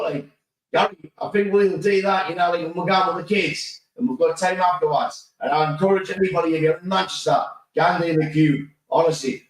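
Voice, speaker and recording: A man co-hosting a chatty football podcast. He tells his stories with animation, swears and laughs a lot. His voice sits a touch high, and it sounds roomy, as if caught from a distance. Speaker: podcast co-host. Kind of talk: casual chat.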